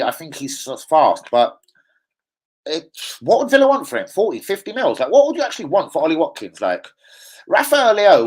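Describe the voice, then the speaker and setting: Young man, slightly high voice, loose sweary livestream host chatting football and reading shout-outs. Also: poor audio. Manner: swears freely, rambling banter, reads chat shout-outs. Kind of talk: casual livestream chat.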